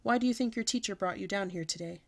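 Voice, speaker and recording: A woman voicing a grown-up male school principal who asks calm questions. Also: medium pitch, quick pace, a little hiss or hum, lightly acted. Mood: questioning.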